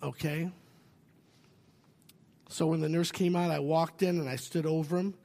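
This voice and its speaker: A male pastor with a fairly high voice preaches in a large sanctuary, his words ringing with a long reverb. He tells stories with feeling, swinging from loud, animated moments to quiet, hushed ones. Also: unhurried, vocal fry. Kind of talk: sermon with storytelling.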